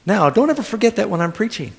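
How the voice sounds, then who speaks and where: A man's voice: high-pitched, big pitch swings, quick pace, creaky, a little hiss or hum. A middle-aged male pastor preaching a sermon, telling stories with humor and asking the congregation questions. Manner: storytelling with humor and audience questions. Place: church sanctuary. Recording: long church hall reverb.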